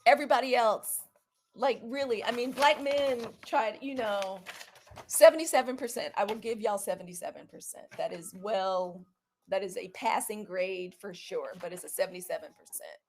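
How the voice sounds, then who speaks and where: A young woman from the South, casually chatting to viewers in a live video, animated and saying y'all. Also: mid-range voice, moderate pace. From Southern US (Mississippi). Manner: chatty and animated, says y'all, quotes others in lively put-on voices. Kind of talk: casual livestream monologue.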